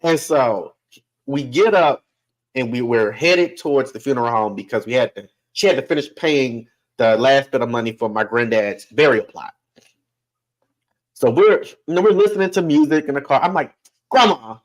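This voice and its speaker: A man, a podcast guest, telling a family story in a casual, animated way, laughing often and acting out other people's voices. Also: mid-range voice, moderate pace, low-quality recording.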